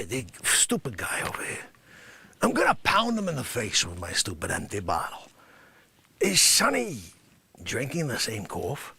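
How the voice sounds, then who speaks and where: A man voicing a brash loudmouth at a coffee counter, blustering and switching between muttering and shouting. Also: sits high, gravelly, breathy edge, full character voice.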